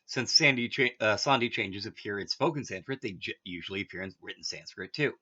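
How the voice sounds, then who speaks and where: A man's voice: lowish voice, animated, a little fast, bright, forceful tone. A man teaching a language lesson, reading the text aloud and breaking off for offhand asides. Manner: reads text then adds offhand asides. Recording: dull lo-fi audio.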